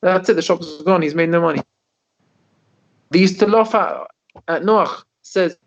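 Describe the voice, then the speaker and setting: A man, a rabbi, telling stories in a Torah class over a video call, animated and often repeating his words. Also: high voice, a little slow, pauses often. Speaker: rabbi teaching a Torah lesson. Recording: dull lo-fi video call audio.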